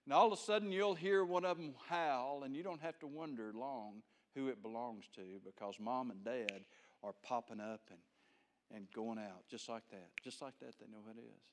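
A middle-aged pastor delivers a homespun, folksy sermon at a normal pace. His voice sinks to soft, low asides and then climbs to loud emphasis.

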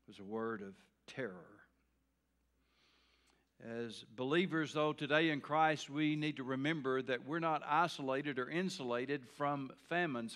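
A man's voice: medium pitch, fairly bright tone. A man preaching a sermon as pastor, folksy and earnest, with repeated phrases and small restarts.

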